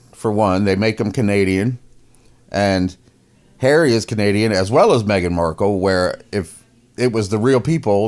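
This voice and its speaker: A man's voice: on the low side, moderate pace, darkish tone. A man casually mocking a news story as a podcast host, laughing often and repeating himself. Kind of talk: casual opinion commentary.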